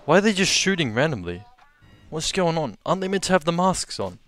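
Excitable young Australian gamer. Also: male voice, fairly high pitch, fairly quick, soft background music. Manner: excitable, gasping, repeats exclamations. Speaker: gaming video host. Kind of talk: let's-play commentary.

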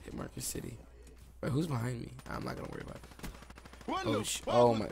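A young man giving excitable live commentary over his own video game play, recorded on a desktop microphone at home. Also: mid-range voice, fairly quick, vocal fry. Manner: excitable, reacts aloud to the game. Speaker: gaming YouTuber. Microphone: desktop USB mic.

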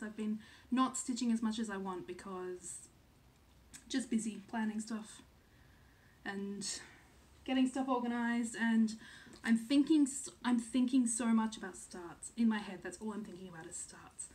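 A woman's voice: a little high, measured pace, a little mellow. A woman in her thirties from Australia chatting casually to camera as a cross-stitch vlogger, full of "um"s and second-guessing herself. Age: 30s.

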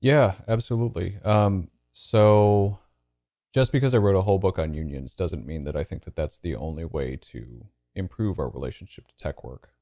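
A man's voice: sits low, moderate pace, mellow, no room sound, muffled recording. A man speaking as a podcast guest and author, thoughtful and hedging with frequent fillers. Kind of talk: casual interview talk.

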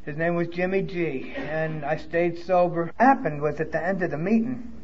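A man's voice: fairly high pitch, moderate pace, darkish tone, lo-fi sound, a little hiss or hum. A man from New York with a New York accent, telling his recovery story at a conference in a candid, emotional way with blunt swearing. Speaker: recovery speaker. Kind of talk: personal testimony at a conference. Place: conference hall.

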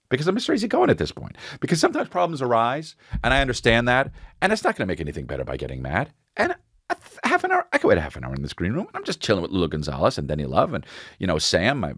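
A man hosting a podcast, telling a comic story in a loud, profane way and acting out each person's lines. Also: rapid-fire, slightly rough, dry recording, studio quality. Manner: animated and profane, acting out dialogue with big pitch jumps. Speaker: podcast host. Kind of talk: comedic storytelling monologue.

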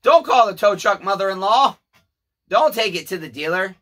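A man putting on a pleading son-in-law, raised voice, forceful, husky. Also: high-pitched, lively intonation, moderate pace, pitched above the performer's own voice, full character voice. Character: contrite middle-aged son-in-law.

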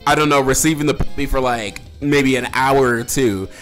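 A man hosting a casual movie review, excitable and profane, jumping between loud outbursts and low mutters. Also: moderate pace, faint music behind. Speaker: movie reviewer, channel host.

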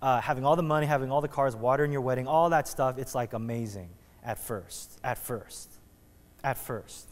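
Preaching from the sanctuary, this pastor keeps things conversational and joking, often starting sentences over. He speaks at a moderate pace in a mid-range voice, with the long reverb of a church hall around him.

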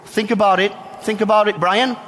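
A man's voice: sits high, steady tone, normal speed, a bit bright, big-room sound, a little hiss or hum. A man coaching youth players in a live session demonstration, giving directions and explaining the drill to watching coaches. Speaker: soccer coach.

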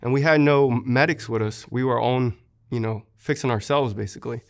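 A man's voice: mid-range voice, moderate pace. A young man, a war veteran, earnestly recounting how he was wounded, in an interview, with many fillers.

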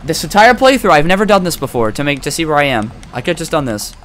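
A young man giving casual, profane let's-play commentary, excitable and trash-talking the game as he plays. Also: on the high side, fast talker, slight background noise. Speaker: gaming commentator.

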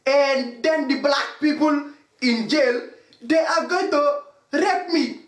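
A man's voice: extremely high pitch, a bit bright, reverberant, rough recording. A man doing a rambling, melodramatic comedic vlog monologue in broken English. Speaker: comedy vlogger.

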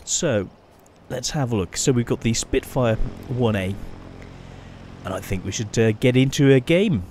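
A man's voice: mid-range voice, lively intonation, a little mellow, slight background noise. Chatty man commenting on gameplay. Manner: chatty, halting, many restarts and fillers. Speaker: gaming channel host.

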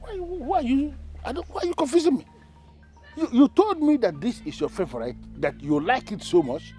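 An actor with a Nigerian accent playing an earnest, doting young husband in a film, speaking in a halting way. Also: male voice, medium pitch, animated, a little mellow, faint music behind, close to an everyday voice. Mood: confused. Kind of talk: Nollywood film acting.

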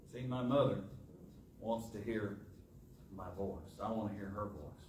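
A man's voice: on the low side, a little mellow. Preaching man in an echoey church. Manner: rhetorical questions with dramatic pauses. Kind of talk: sermon. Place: church sanctuary. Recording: echoey church, distant mic, faint hiss.

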